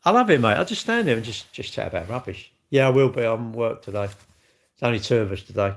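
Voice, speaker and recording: A man's voice: mid-range voice, expressive, a little fast. A man chatting casually on a live stream, rambling and answering viewer comments as he goes. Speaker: livestreamer and car dealer. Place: at work, indoors.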